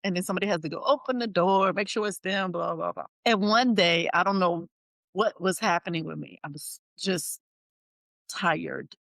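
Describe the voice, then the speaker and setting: A woman hosting a podcast, telling stories in a lively casual chat and acting out what people said. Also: lowish voice, moderate pace, creaky, dry recording. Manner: animated storytelling, acts out quotes. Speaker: podcast host.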